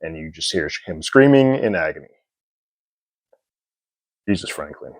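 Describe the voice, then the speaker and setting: Lower-voiced man recapping a TV episode. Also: no room sound. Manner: animated, chuckles often, slips into quick impressions. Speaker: TV episode reviewer. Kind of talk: casual recap commentary.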